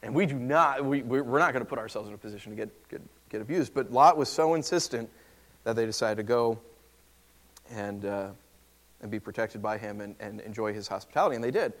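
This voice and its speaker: A man preaches a sermon conversationally and with animation, acting out the voices of those he quotes. He speaks briskly in a medium pitch.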